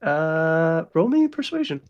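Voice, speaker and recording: A man's voice: a little high, sing-song, takes it slowly, clear, resonant tone, highs cut off. Man as game master, rambling casual narration. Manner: casual, loose narration full of fillers. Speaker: dungeon master.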